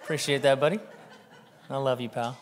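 A male pastor preaching a sermon in a church before a congregation, talking casually and slowing down to read scripture. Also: mid-range voice, fairly even intonation. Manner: conversational preaching, slows down for scripture reading.

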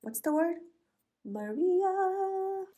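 A woman teaching an English lesson, speaking slowly and clearly and spelling words out letter by letter. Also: very high-pitched, animated, warm tone.

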